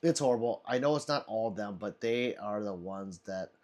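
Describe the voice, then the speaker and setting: A man's voice: fairly low pitch, normal speed, a little mellow. A man hosting a casual livestream, reading chat aloud, laughing often and swearing freely.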